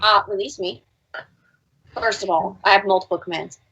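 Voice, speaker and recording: A woman's voice: medium pitch, normal speed, muffled recording, a little hiss or hum. A woman playing a tabletop game on a live stream, bantering and laughing. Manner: laughing, animated in-character banter. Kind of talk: casual play on a live stream.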